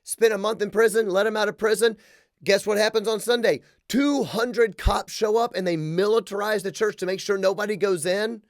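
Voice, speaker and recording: A man with a high voice rants sarcastically as a podcast host, hammering his points with emphatic jabs and dropping into low asides. The sound is dry and close, with no room around it. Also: normal speed, no room sound. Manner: sarcastic and emphatic, swinging between loud punchlines and low asides. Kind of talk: comedic political rant.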